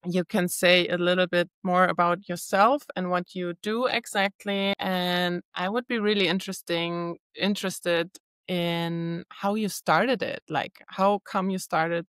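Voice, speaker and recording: A woman's voice: fairly low pitch, fairly even intonation, a little slow, few pauses, fairly bright tone, smooth, dry recording, studio quality. A middle-aged woman with a German accent, a native German speaker, hosting a casual podcast interview in English, eager and saying "really" a lot. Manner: eager, repeats "really" often. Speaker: podcast host.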